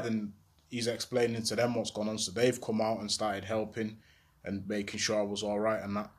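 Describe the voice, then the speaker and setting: A young man tells his own story in a loose, slangy ramble, full of asides and quoted voices. His voice sits fairly low and has a husky grain. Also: brisk. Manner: slangy, rambling, animated retelling. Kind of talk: casual storytelling.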